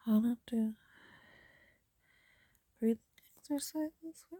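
Breathy woman in whispered role-play. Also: on the high side, fairly even intonation, takes it slowly, pauses often, no room sound. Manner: soft soothing whisper, tender and reassuring. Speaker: comforting girlfriend to the listener.

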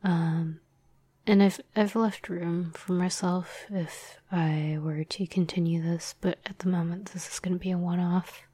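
A woman's voice: fairly low pitch, fairly even intonation, measured pace, warm tone, dry recording. A woman hosting her podcast in a whispered chat, hesitant and self-deprecating, with many fillers. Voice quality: breathy whisper. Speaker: podcast host and script writer.

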